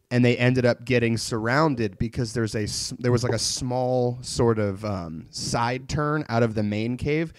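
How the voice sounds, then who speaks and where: A man's voice: medium pitch, darkish tone, no echo. Rambling casual man, dry sound. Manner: rambling, many likes and restarts. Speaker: podcast co-host. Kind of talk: casual chat about anime.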